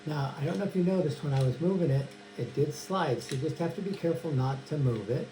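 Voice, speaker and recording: A man's voice: on the high side, fast talker, dark tone. A man casually teaching a magic trick, chatting and addressing an imagined audience of kids. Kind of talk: casual tutorial demonstration. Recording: echoey room with mains hum.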